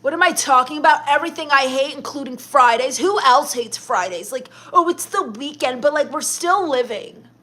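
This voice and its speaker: A young woman hosting a livestream, reading viewer comments aloud in a deadpan, dismissive, sarcastic comedic manner. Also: high-pitched, moderate pace, few pauses. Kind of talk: in-character comedic livestream chat.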